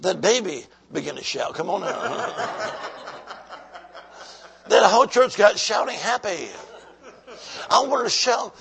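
A man preaching a revival sermon, exhorting the congregation and swinging from shouts to whispers. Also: sits high, creaky, slightly rough. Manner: calls out to the congregation.

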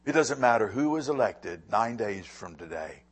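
A middle-aged man preaching a sermon as pastor, animated and swinging from loud emphasis to hushed asides, often repeating words as he speaks. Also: on the low side, normal speed, husky.

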